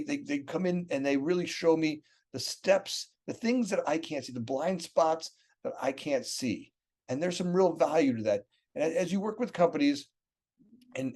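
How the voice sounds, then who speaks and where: A man's voice: fairly high pitch, a little mellow. A man in casual business chat, rambling and repeating words, often tagging sentences with "right?".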